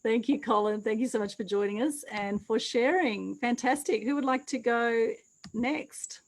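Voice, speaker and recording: A woman's voice: a little high, moderate pace, poor audio. A woman hosting an online meetup over a video call, upbeat and effusive, full of praise for each guest. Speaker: meetup host.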